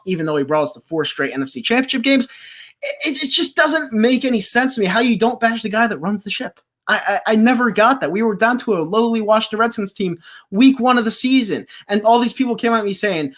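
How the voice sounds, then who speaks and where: A woman in her twenties from the Philadelphia area, hosting a live stream and ranting about her team in a passionate, exasperated, yelling way. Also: on the high side, very animated, a little fast. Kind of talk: heated live-stream sports rant.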